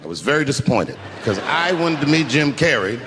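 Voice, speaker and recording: A man's voice: mid-range voice, big pitch swings, fairly quick, background noise. A man doing stand-up comedy, telling long stories in a loose, conversational way with profane punchlines. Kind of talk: stand-up storytelling. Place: stage before a live audience.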